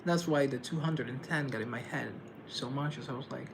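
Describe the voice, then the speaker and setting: A man's voice: medium pitch, brisk, gravelly, hardly any pauses, background noise. A man from Colombia chatting casually on a live stream, answering viewers' comments in a chatty, theatrical way.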